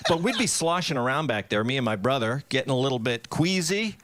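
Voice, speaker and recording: A man's voice: mid-range voice, sing-song, fairly quick, a bit bright. A man in his fifties telling family stories in a stand-up comedy routine, punchy and acting out voices. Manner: storytelling, punchy, acts out voices.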